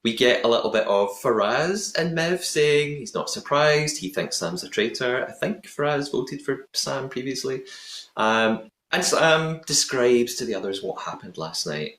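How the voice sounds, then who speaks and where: A male podcast host talking through a TV episode in an easygoing, chatty way. His voice sits at an ordinary pitch. The room around him rings with echo. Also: expressive, unhurried, a bit bright. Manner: chatty, laughs at own attempted accent. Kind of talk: casual recap chat. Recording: echoey room.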